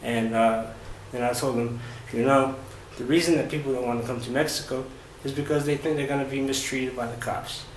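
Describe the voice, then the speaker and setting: This mid-range male voice belongs to a travel vlogger telling a first-person story about his travels. He's relaxed and rambling, stopping on fillers and restarting lines, while the reverberant room adds echo and a faint hum.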